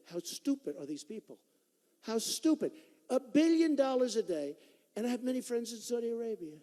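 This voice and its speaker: A man in his sixties delivers a campaign rally speech, his fairly high voice swinging widely in pitch. He talks in a repetitive, boastful, conversational way, and his mellow tone rings out with long reverb in a big hall. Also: sing-song, moderate pace. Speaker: political candidate at a rally. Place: large performing arts hall.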